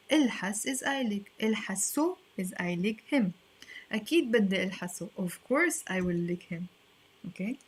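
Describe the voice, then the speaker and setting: A woman's voice: lowish voice, a little hiss or hum. A woman teaching a language lesson online, explaining in a playful, chatty way with asides.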